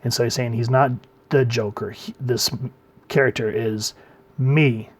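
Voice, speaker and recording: A man giving a casual comic book review, talking in a relaxed way and letting his phrase ends trail off quietly. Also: medium pitch, a little slow.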